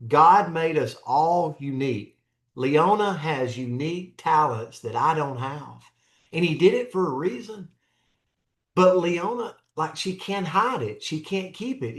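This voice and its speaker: A man's voice: a little high, reverberant. A man hosting a motivational show as a coach, talking in an earnest, folksy way and repeating his phrases. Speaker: coach and host. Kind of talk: motivational talk.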